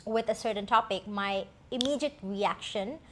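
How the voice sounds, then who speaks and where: A woman's voice: medium pitch, moderate pace, a little hiss or hum. A woman co-hosting a talk show, telling a personal story in a candid, reflective way with many fillers. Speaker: co-host.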